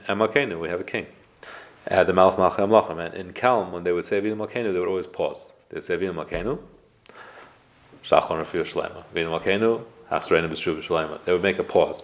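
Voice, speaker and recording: A man teaching a casual Torah class, explaining prayers with rhetorical questions. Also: low voice. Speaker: rabbi giving a class.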